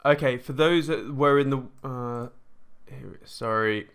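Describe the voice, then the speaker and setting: A British man hosting a casual live screen-share tutorial on crypto trading, rambling and chatty, often correcting himself mid-sentence and clearing his throat. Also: medium pitch, measured pace, fairly bright tone.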